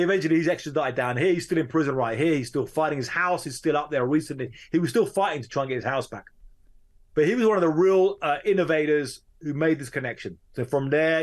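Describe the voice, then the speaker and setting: A man's slightly high voice carries a story he tells as a journalist guest in a conversational interview. He moves back and forth between fast bursts and slow, stretched-out phrases.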